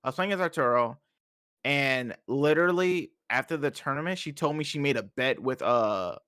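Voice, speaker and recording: A young man, a podcast guest telling animated stories and laughing often in casual chat. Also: mid-range voice, moderate pace, clean tone, dry recording, studio quality. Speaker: podcast guest, fighting game player.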